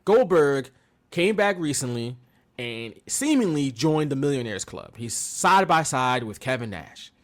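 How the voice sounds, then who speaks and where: A man co-hosting a podcast, recapping in casual chat with animated storytelling and mocking quotes. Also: medium pitch, measured pace. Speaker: podcast co-host.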